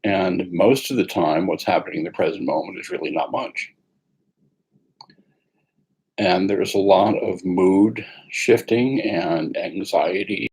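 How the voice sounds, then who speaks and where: Guy with a low husky voice leading a meditation, slow and calm, lots of pauses. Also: poor audio. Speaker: meditation teacher. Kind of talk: guided meditation talk.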